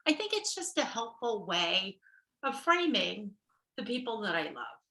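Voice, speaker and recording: A woman's voice: mid-range voice, sing-song, a little slow, pushed and bright, reverberant, poor audio. A middle-aged woman therapist giving a casual workshop talk. She chats along, laughs often and keeps checking in with "right?" and "okay".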